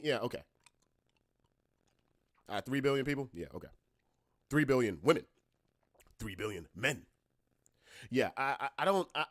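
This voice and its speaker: A man's voice: mid-range voice, dry recording. Podcast guy ranting blunt and sweary, voice jumps all over, super dry sound. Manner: blunt, profane, swings from calm to loud ranting. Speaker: podcast host. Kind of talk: casual ranting podcast talk.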